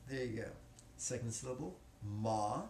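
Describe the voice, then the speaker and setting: A man's voice: medium pitch, normal speed, darkish tone. A man teaching as a spiritual teacher, joking and casual, in a classroom. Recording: echoey room, faint noise.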